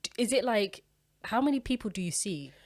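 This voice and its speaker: A woman's voice: medium pitch, animated, fairly quick, darkish tone. A woman co-hosting a podcast, asking questions and murmuring agreement. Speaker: podcast co-host. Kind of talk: casual podcast chat.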